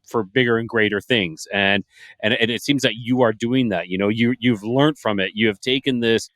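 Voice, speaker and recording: A man's voice: fairly low pitch, fairly bright tone, dry recording. A man hosting a podcast interview, talking casually with frequent stammers and restarts. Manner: halting, stammers and restarts, praising the guest. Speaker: podcast host.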